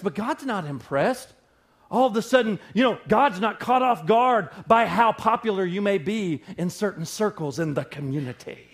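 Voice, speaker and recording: A man preaching a sermon as pastor, swinging between loud emphatic bursts and quiet low passages.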